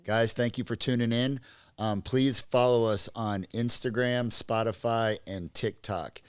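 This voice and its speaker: A man hosting a podcast, chatting in a relaxed, casual way. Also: medium pitch, unhurried, clean tone, no room sound. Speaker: podcast host.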